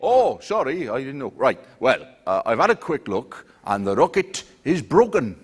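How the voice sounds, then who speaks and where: A man's voice: mid-range voice, very animated, normal speed, breathy edge. A comedian playing a glum, put-upon British astronaut crewman who mutters and grumbles. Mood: sulky.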